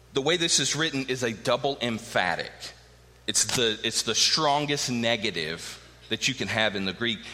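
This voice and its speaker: A man's voice: mid-range voice, bright, forceful tone. A middle-aged man preaching a sermon with emphatic rhetorical questions. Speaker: pastor. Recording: long hall reverb.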